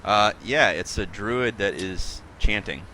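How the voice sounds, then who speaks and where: A man with a low voice and a forceful, bright edge runs a tabletop game as game master. He talks in a loose, halting way, full of fillers, and calls for rolls. Faint noise sits under his voice.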